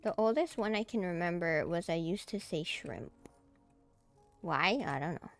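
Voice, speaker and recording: A woman's voice: on the low side, expressive, normal speed, soft background music. A woman streamer chatting casually as she plays a game, easily startled and giggly. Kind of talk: casual gameplay commentary.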